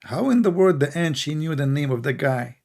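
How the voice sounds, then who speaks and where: A man hosting a heated debate on a call, blunt and mocking, quizzing his guest and reciting Arabic verses quickly, his voice worn from long talking. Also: fairly high pitch, animated, vocal fry, darkish tone. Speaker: host.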